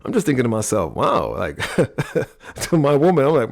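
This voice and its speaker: A middle-aged man hosting a talk on personality types, telling a story in an animated way. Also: mid-range voice, moderate pace, vocal fry. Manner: animated storyteller, acts out quoted voices. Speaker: podcast host teaching personality types.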